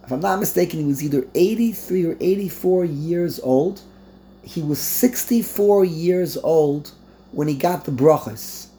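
Animated man teaching a Torah class. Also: fairly high pitch, measured pace. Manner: mixes Yiddish and Hebrew terms into English, stammering restarts, incredulous outbursts.

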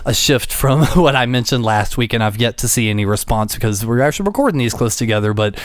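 A man's voice: mid-range voice, animated, fast talker, no room sound, studio quality. A man hosting a podcast in loose, profane casual chat, laughing often. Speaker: podcast host.

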